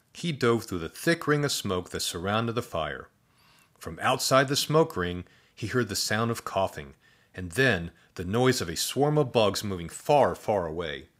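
A man narrating a children's storybook with a lower voice. His delivery is expressive and animated, with plenty of swing in his pitch.

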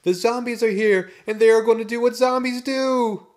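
A man voicing a frightened, drooling little zombie boy in a storybook reading, with a high, pleading voice. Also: big pitch swings, normal speed. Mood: pleading panic.

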